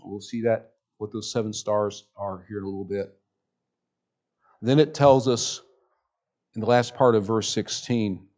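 A man preaching a sermon as pastor in a church, reading scripture slowly and swinging from loud emphasis to near-hushed speech. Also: fairly low pitch. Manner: reads scripture slowly and deliberately. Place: church sanctuary with a sound system.

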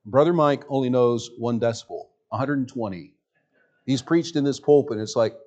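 A man preaching a sermon as pastor in a church, reading scripture slowly and swinging from loud emphasis to near-hushed speech. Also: mid-range voice. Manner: reads scripture slowly and deliberately. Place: church sanctuary with a sound system.

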